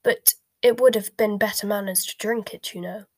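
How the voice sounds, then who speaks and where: Woman doing an old wizard, polite and unhurried, soft whisper, dry close sound, whispered role-play. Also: medium pitch, steady tone, dry recording, lightly acted. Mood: calm polite. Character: polite, calm, elderly male headmaster wizard.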